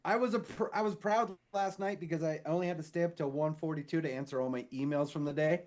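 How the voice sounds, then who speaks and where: A married man co-hosting a casual podcast, telling a rambling story full of swearing and quick impressions of other people. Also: fairly high pitch. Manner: rambling, animated, swears freely; mimics others with shifted voices in stories. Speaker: podcast co-host.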